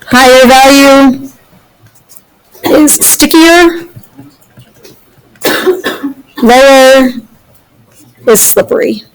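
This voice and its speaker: A woman's voice: sits high, very slow, pauses often, rough recording. A woman teaching a physics class, upbeat and often checking in with her students. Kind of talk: classroom lecture.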